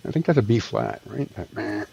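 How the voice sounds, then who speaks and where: A man's voice: on the low side, huge pitch swings, brisk, vocal fry, mellow, slight background noise, low-quality recording. A man chatting and joking during a live guitar jam session. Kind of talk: casual chat.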